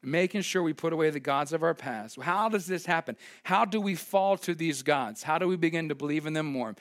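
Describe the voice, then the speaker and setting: A man's voice: on the high side, brisk. A young man preaching a sermon as pastor, conversational and emphatic, joking with his congregation.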